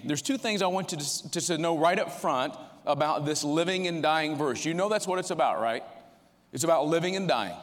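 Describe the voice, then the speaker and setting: A man preaching a sermon to his congregation in a casual, conversational, emphatic way. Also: a little high. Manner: conversational, emphatic preaching with a short opening prayer. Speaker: pastor. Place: church sanctuary. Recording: long reverb of a church hall.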